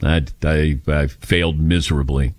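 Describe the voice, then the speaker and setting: An older man hosting a radio call-in show, chatting casually and telling animated, self-mocking stories. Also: very deep voice, moderate pace, dry recording. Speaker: radio talk show host.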